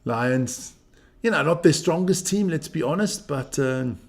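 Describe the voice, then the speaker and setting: Hosting a live stream as he watches rugby, this man speaks unhurriedly in a fairly high, expressive voice. His talk is brash, profane joking banter aimed at both his viewers and the people around him in the room.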